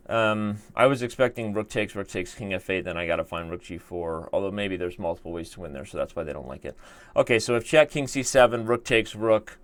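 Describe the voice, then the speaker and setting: A man's voice: on the low side, a little fast, hardly any pauses. Chatty man thinking aloud on stream. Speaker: chess show host. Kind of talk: casual live-stream commentary.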